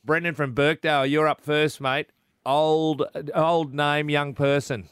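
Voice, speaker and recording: A man's voice: a little high, level tone, unhurried, fairly bright tone, smooth, no echo, clean studio sound. A man with an Australian accent co-hosting a radio show, making wry, teasing remarks. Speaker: radio co-host. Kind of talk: casual radio chat with callers.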